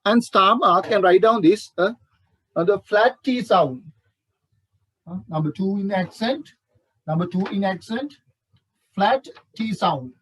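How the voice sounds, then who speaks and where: Sri lankan guy teaching english, high voice, talks slow, keeps repeating words and checking in. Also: expressive, fairly bright tone, husky, no echo, poor audio. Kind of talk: classroom lesson.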